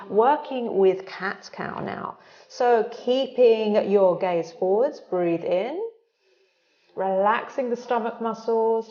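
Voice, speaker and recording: A woman leads a gentle yoga class with slow, calm instructions. Her voice is soothing and steady as she guides each breath and stretch. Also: on the high side, muffled recording.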